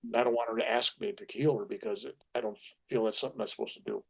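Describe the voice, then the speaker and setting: Older male storyteller, gravelly low-key voice, lively acted-out quotes, conversational. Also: fast. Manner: animated anecdotes with acted-out quotes. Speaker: spiritual teacher.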